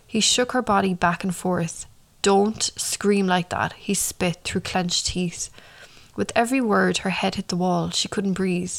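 A woman tells a true-crime story with a gravelly, creaky edge to her voice. Her pitch sits in the middle, and she reads at a measured pace, slowing down for the dramatic beats. Now and then she breaks off to comment on the story. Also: fairly bright tone. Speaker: narrator and commentator.

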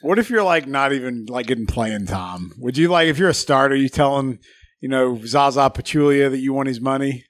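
A man's voice: medium pitch, fairly quick, no echo. A man hosting a casual sports podcast, rambling and laughing often. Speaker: podcast host.

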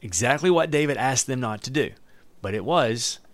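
A man's voice: medium pitch, moderate pace, dry recording. A man preaching a sermon, reading scripture aloud and breaking in with joking asides. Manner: animated, joking asides with laughs. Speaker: pastor.

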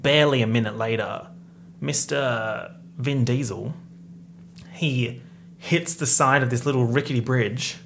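A sarcastic movie reviewer ranting in an exasperated, comedic way, with a gravelly edge to the voice. The delivery is loose, sweary and full of disbelief, with faint background noise. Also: medium pitch, fairly bright tone.

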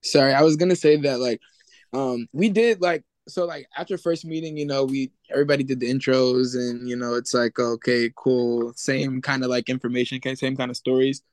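A man's voice: medium pitch, steady tone, normal speed, no echo. A man with a mid-range voice answers hesitantly, searching for his words. The sound is dry and close. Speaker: band member, guest. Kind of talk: casual interview answers.

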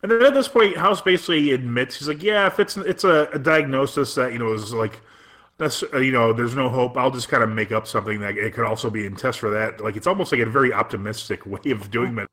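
A man in casual chat, recapping a story quickly with fillers and laughs. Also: mid-range voice, a bit bright. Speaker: podcast co-host.

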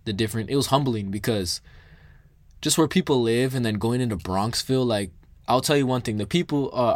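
A man's voice: mid-range voice, no room sound. Slangy young man telling a story. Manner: slangy, swears often, acts out voices in quotes. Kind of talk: casual storytime vlog.

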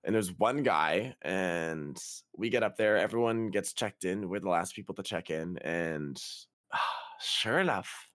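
A man's voice: low-pitched, unhurried, a bit bright, no echo, studio quality. A young man hosting a podcast, telling a travel story in casual, profane, exasperated chat. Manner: profane, exasperated retelling with quoted dialogue. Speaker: podcast host.

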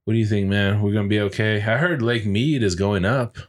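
Rambling, low-voiced American man, casual chat. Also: fairly quick. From United States. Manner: rambling, profane, lots of fillers. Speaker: podcast co-host.

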